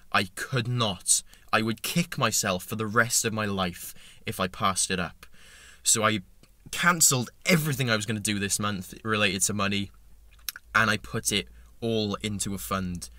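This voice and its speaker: A young man blurts out an emotional story straight to camera, stumbling and restarting as he goes. His voice sits a little low but has a sharp, bright edge. The sound is dry and close, with no room around it. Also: no echo. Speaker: vlogger. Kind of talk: impulsive excited vlog.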